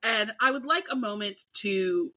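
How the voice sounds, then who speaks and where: A woman's voice: medium pitch, normal speed, bright, forceful tone, rough recording. A young adult woman co-hosting a casual podcast chat, ranting animatedly with mock outrage. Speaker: podcast co-host.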